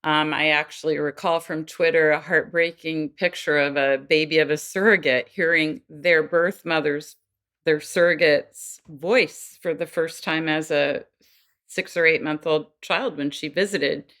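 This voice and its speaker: A woman's voice: deep voice, steady tone, unhurried, a bit bright. A woman guest on a podcast interview, explaining earnestly and acting out quoted voices now and then. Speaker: guest expert on child development.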